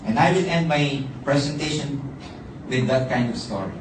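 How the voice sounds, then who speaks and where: A man's voice: medium pitch, lively intonation, normal speed. A man giving an emphatic, rallying motivational business presentation to a crowd in a presentation hall. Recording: echoey hall, distant mic, noisy.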